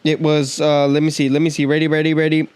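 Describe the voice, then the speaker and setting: A man hosts a podcast in a heated, profane rant, talking in slangy, animated bursts. His voice sits a little high for a man. The sound is close and dry, with no room around it. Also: fast talker, smooth, dry recording. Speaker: podcast host. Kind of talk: casual ranting monologue.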